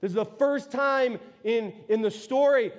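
A male pastor preaching a sermon in a lively, conversational way, full of quick restarts and asides. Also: very high voice.

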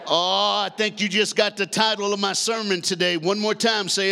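A man in his sixties preaching a lively sermon, leading the congregation in call-and-response, shouting and half-singing at the peaks and joking in between. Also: high voice, normal speed, smooth, soft background music. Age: 60s. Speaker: guest preacher.

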